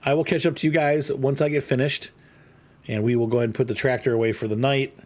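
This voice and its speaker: A man's voice: mid-range voice, level tone, fast. A man casually commenting while he plays a farming game, rambling, joking and talking to himself. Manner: rambling, playful, jokey asides. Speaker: gaming channel host.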